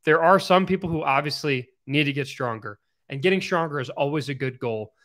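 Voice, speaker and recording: A man's voice: a little high, fairly quick, a bit bright. A man co-hosting a podcast, talking casually and telling long rambling stories. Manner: rambling, chatty storyteller. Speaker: podcast co-host.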